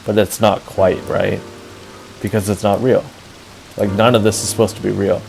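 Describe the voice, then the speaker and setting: Low gravelly guy rambling on a stream, tons of "like"s, super sentimental, faint music playing behind. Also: little pitch movement, moderate pace, a little mellow, low-quality recording. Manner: rambling, full of "like" fillers; earnest, sentimental. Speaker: streamer touring a game housing build. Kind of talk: casual chat.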